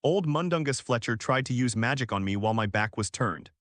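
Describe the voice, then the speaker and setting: A man's voice: mid-range voice, expressive, a little fast, a bit bright, no echo, natural voice. A tired, good-natured wizard father talks in a grumbling, chatty way, as a man reads him. Storybook reading with a mid-range, dry, close voice. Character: weary, kindly middle-aged wizard father.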